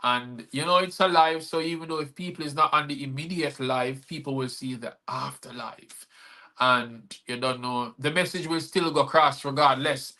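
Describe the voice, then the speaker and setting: A man's voice: medium pitch, normal speed, sharp tone. A man hosting a live-streamed show, talking in a rambling, earnest way with many fillers. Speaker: host and poet.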